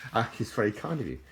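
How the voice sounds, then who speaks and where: A man's voice: medium pitch, gravelly, fairly bright tone. A middle-aged man, rambling in a casual, jokey video monologue with frequent restarts. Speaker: vlogger.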